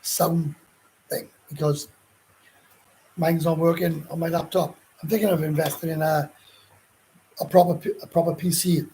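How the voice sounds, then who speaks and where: A Welsh man with a gruff voice, hosting a casual live chat and answering viewer comments in a rambling, blunt way with frequent swearing. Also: on the high side, mellow, rough recording. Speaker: livestream host.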